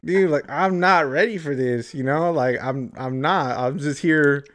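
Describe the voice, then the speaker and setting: A man's voice: fairly high pitch, measured pace, a bit bright. A young adult man telling a long story in casual chat, rambling and swearing freely, saying "like" and "dude" often. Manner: profane, rambling, heavy use of "like" and "dude".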